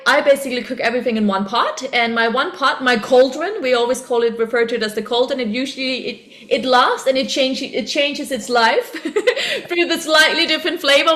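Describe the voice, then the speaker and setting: This is a woman host with a high voice. She sounds bright and gushes with enthusiasm as she responds to her guest, laughing as she goes. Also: echoey room. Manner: effusive, enthusiastic reactions with laughter. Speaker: podcast host. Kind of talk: conversational interview.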